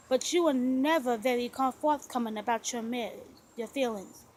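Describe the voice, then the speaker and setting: A woman reading aloud, voicing a lovestruck gentleman husband in a soft, murmuring, lowered voice for a storybook. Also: a little hiss or hum, rough recording.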